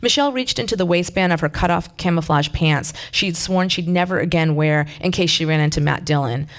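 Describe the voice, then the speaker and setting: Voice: medium pitch, brisk, a bit bright. Plain voice reading fiction aloud. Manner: plain, conversational reading with brief asides. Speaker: reader.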